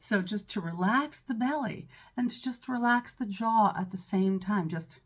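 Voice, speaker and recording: A woman's voice: medium pitch, normal speed. A woman voice teacher with a mezzo-soprano voice talks students through breathing exercises. She is encouraging and checks in often with "right?" and "okay?". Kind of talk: instructional breathing lesson.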